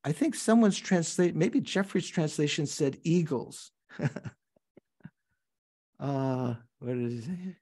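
An older man teaching a class on a Buddhist text, reading passages aloud and explaining them in a thoughtful, halting way, with questions to his students. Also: a little high, warm tone, slightly rough.

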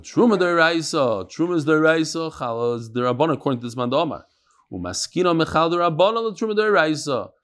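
A man teaching a daily Talmud class in a study hall, his voice sitting a little high and swinging up and down with lots of life. He jokes with the room and drops Hebrew and Aramaic terms in between the English. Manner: lively, joking, mixes Hebrew and Aramaic terms. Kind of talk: live daily Talmud lecture.

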